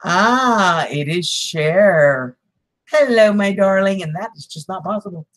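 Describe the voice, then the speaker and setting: A woman's voice: mid-range voice, animated, slow. A woman, hosting a casual livestream, chatting with viewers, greeting them by name and laughing often. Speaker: livestream host.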